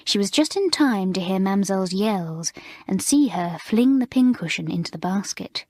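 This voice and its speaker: A woman reading a children's school story aloud in an expressive, measured narration. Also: mid-range voice, dry recording, studio quality. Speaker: audiobook reader.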